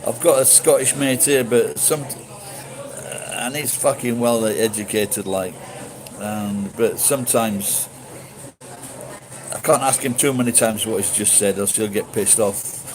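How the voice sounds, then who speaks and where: A man's voice: fairly low pitch, steady tone, unhurried, background noise. Rambling middle-aged Yorkshire man. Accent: Yorkshire English, softened. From Sheffield, England. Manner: meandering, swears casually, many restarts and fillers. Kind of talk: rambling late-night monologue.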